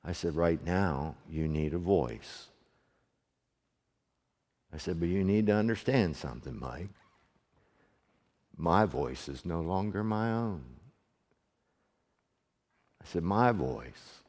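A middle-aged man preaching a sermon to his congregation, moving from hushed storytelling to loud, fervent preaching. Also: extremely low pitch, lively intonation, slow, pauses often. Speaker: pastor. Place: church sanctuary, also streamed online. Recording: long hall reverb.

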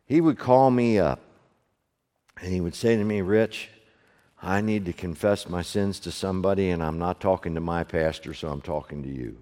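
A middle-aged man preaching a sermon to his congregation, moving from hushed storytelling to loud, fervent preaching. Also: low voice, moderate pace. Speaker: pastor. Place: church sanctuary, also streamed online. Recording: long hall reverb.

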